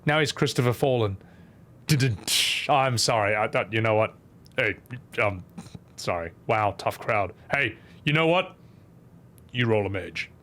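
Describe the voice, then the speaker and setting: A man's voice: lowish voice, lively intonation, moderate pace, fairly bright tone. A man giving casual, joking, rambling gameplay commentary as a streamer. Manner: joking, rambling, self-mocking.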